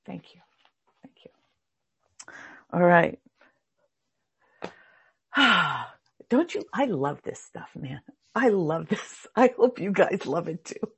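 A woman's voice: lowish voice, sing-song, slow, creaky, long pauses, a bit bright, husky. A woman teaching a spiritual class in a heartfelt, rambling, emphatic way. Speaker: meditation teacher.

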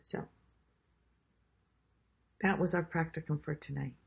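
A woman leading a group workshop who guides a grounding meditation in a slow, soothing way and then invites comments. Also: lowish voice, vocal fry, warm tone, breathy edge. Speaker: workshop leader. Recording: dull lo-fi sound.

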